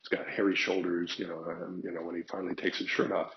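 A man's voice: sits low, quick pace, gravelly, muffled recording. An older man telling frank stories in a casual monologue, acting out both sides of conversations. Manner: frank, animated storytelling with acted quotes.

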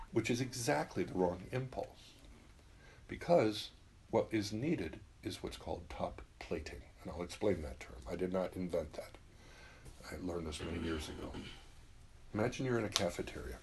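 A man's voice: sits low, expressive, moderate pace, darkish tone, slight background noise. A middle-aged man hosting a talk show, giving blunt, emphatic advice with plenty of swearing and acted-out quotes. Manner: acts out quoted voices. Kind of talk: casual advice monologue.

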